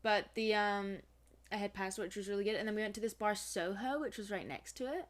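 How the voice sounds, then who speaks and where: A woman's voice: medium pitch, a little fast. A woman co-hosting a podcast, telling stories chattily with lots of fillers and teasing asides. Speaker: podcast co-host. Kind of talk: casual chat.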